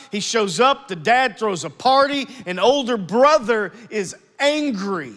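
A man preaching a sermon to his church, animated and acting out family scenes. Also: high voice, normal speed, few pauses, in a large hall. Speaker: pastor.

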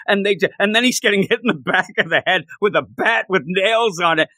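Excitable male comic fan, high and bright, retells scenes animatedly. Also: fairly quick, hardly any pauses, no room sound. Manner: animated, laughs while retelling, acts out quotes. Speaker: comic book podcast co-host. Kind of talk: casual comic recap chat.

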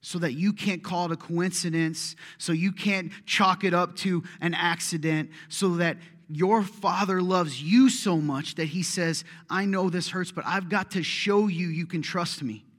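A man's voice: high-pitched, steady tone, a little slow, few pauses, a bit bright. A middle-aged man preaching a sermon as a pastor, conversational and impassioned, acting out prayers and complaints aloud.

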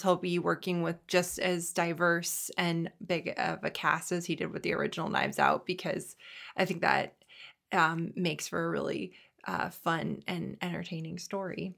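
A woman's voice: on the low side, vocal fry, a bit bright. A woman co-hosting a film podcast, speaking thoughtfully with hesitant restarts. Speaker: podcast co-host. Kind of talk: casual film chat.

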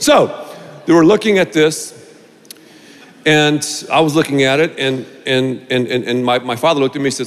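A middle-aged male pastor preaching a sermon, telling a story with animated delivery and acted-out voices, in a large church auditorium. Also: mid-range voice, moderate pace. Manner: animated, acts out voices in anecdotes. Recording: long reverb of a large hall.

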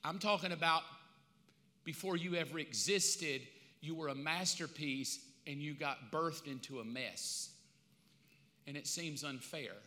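A man preaching a sermon as pastor, emphatic and conversational, swinging from loud to hushed. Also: fairly high pitch. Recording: long hall reverb.

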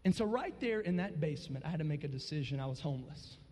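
A young man, preaching a testimony sermon and swinging from loud shouts to hushed low tones. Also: lively intonation, fast talker. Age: 20s. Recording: long reverb of a large hall.

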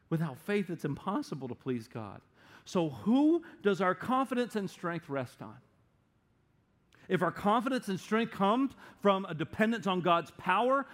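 A middle-aged man delivers a sermon with lively, animated energy. His voice sits fairly high for a man. He drops into playful quoted voices now and then. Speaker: pastor.

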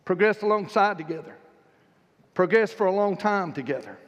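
A man's voice: high voice, expressive, moderate pace, big-room sound, highs cut off. A man preaching a sermon in a church, telling stories with emphatic, fervent delivery. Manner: storytelling, emphatic, rising to fervent peaks. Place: church sanctuary.

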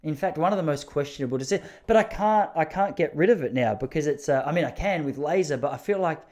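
Talking fast, this Australian man tells comic stories in a casual, rambling way and pokes fun at himself. His voice is a little high and darkish in tone, and he's very expressive.

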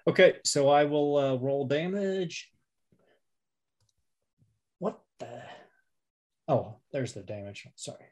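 A man's voice: mid-range voice, expressive, takes it slowly, long pauses. A man playing a tabletop role-playing game, thinking aloud as he describes his character's actions and rolls. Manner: chatty, thinks aloud with fillers. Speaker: player.

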